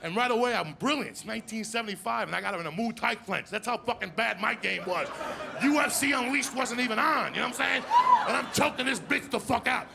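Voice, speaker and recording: A man doing a crude stand-up set, telling stories loudly and asking the crowd "you understand me?" again and again. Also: very high voice, vocal fry. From New Jersey. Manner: crude, loud, rapid storytelling, repeating "you understand me?". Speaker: stand-up comedian. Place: live comedy stage with audience. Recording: live stage mic with crowd noise.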